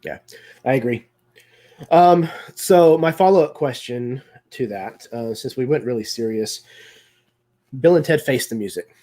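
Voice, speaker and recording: A man's voice: mid-range voice, measured pace, warm tone. A man hosting a live video discussion, talking casually with many fillers and restarts. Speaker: host.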